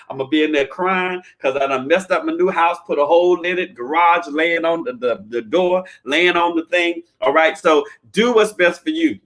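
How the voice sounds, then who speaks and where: A man with a fairly high voice gives down-to-earth money advice in a folksy, preachy manner. He keeps asking "all right?" and now and then breaks into loud, chanting bursts. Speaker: credit repair advisor. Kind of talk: live-streamed advice talk.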